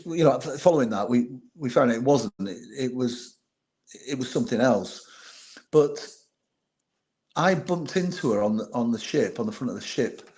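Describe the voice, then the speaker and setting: Earnest man in his fifties. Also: medium pitch. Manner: quiet, earnest, thinks aloud. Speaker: former royal bodyguard, podcast guest. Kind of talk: reflective interview storytelling.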